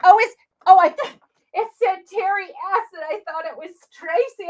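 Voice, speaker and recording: A woman's voice: very high voice, normal speed, a little hiss or hum. A woman hosting a live crafting demo, chatty and gushing, talking straight to her viewers as she works. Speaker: crafting livestream host.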